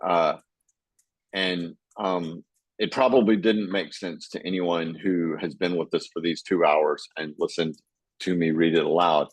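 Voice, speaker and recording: A man co-hosting a casual book chat, reading passages aloud and thinking out loud with many fillers and restarts. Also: low voice, steady tone, unhurried, no echo, poor audio. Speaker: podcast co-host.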